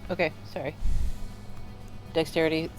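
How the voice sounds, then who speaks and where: A man's voice: a little high, little pitch movement, normal speed, music in the background. A man playing a tabletop game, chatty and apologetic, double-checking the rules as he rolls. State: clearing throat, choking on mucus. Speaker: player. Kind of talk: casual tabletop play.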